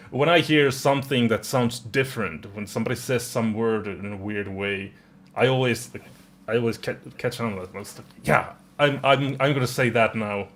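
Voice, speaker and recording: Finnish-accented man, lower voice. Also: fairly bright tone, a little hiss or hum. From Finland. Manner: hesitant, laughs often. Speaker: co-host. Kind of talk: casual podcast chat.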